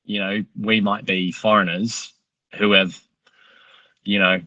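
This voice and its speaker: An Australian man with a lowish, bright, forceful voice, recorded dry and close. He tells a story as a podcast guest, casual and animated, swearing freely. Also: slow pace, no room sound, highs cut off.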